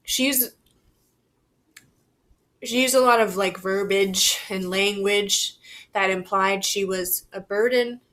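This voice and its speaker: A young woman vlogging to camera, talking in a halting, reflective and candid way, swearing casually. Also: medium pitch, a bit bright. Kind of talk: personal confessional vlog.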